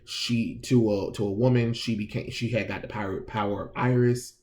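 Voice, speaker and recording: A man's voice: fairly low pitch, fairly even intonation, moderate pace, a little mellow, slight background noise. A man giving a casual, exasperated review of a comic book, sarcastic, slangy and full of restarts.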